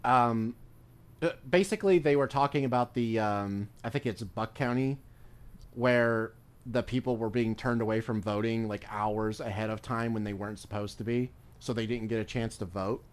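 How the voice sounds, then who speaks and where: A man's voice: mid-range voice, normal speed. A male streamer chatting casually while gaming, rambling through stories with free swearing. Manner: rambling, swears freely, loose storytelling.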